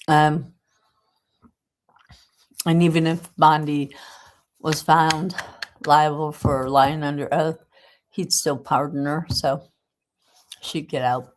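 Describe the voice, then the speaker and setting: Congested from a cold, a livestream host with a Southern US accent talks from home in a low voice with fairly even intonation. She goes slowly and pauses often, chatty and rambling, with many ums throughout.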